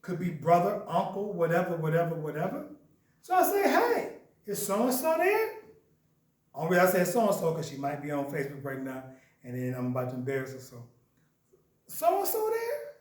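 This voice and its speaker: A man with a Chicago accent giving an animated storytelling lecture, acting out the voices in his story. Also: on the high side, fairly quick. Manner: lively, acts out voices in dialogue. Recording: echoey room, mic at a distance.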